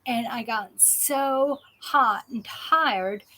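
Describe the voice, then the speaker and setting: Slow-talking woman hosting a live chat. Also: on the high side, pushed and bright, low-quality recording. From South Jersey. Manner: rambling with frequent restarts and fillers. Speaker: host of a live patient show. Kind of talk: casual live-stream chat.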